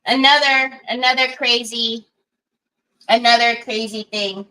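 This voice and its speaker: A middle-aged woman hosting a craft livestream, chatting in a rambling way while she works and talking softly to a small child beside her. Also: fairly high pitch, steady tone, unhurried, low-quality recording. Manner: rambling, chatty storytelling with many asides; soothing baby talk to a small child. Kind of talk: casual chat while crafting.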